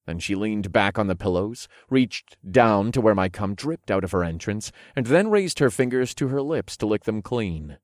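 A man narrating an erotic story in the first person, in a low, hushed, unhurried way, recorded close and dry. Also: lively intonation, no room sound.

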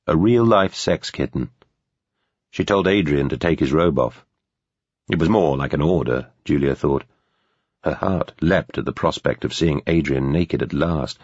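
A man reading a novel aloud in steady, measured scripted narration. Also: rumbling low, slightly rough, dry recording. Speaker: audiobook narrator. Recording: dull, lo-fi dry recording.

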